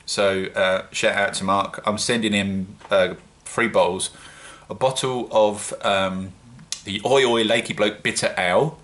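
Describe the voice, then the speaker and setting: A man with a British accent talks to his viewers in a loose, rambling vlog. His voice sits low yet comes across bright and forward, and he pokes fun at himself as he chats. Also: fairly even intonation, unhurried. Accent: British English. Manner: chatty, rambling, self-mocking. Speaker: home-brewing vlogger. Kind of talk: casual solo vlog.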